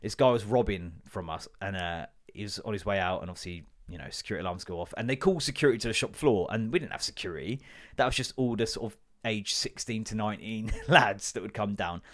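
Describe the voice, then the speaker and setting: A man's voice: lowish voice, fast talker, fairly bright tone. A man hosting a comedy podcast, telling rambling, sweary stories and doing the voices of the people in them. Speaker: podcast host. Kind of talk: casual comedic rant.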